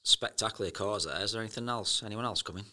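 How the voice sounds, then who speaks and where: A man's voice: lowish voice, fast, pushed and bright. Teasing man asking questions. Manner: teasing, asks prompting questions. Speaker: co-host. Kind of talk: casual chat.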